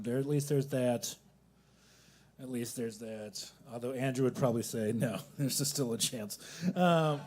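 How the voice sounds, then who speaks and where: A man's voice: mid-range voice, a little mellow. A young man doing a rambling, self-deprecating stand-up set at a coffee shop open mic, with angry asides.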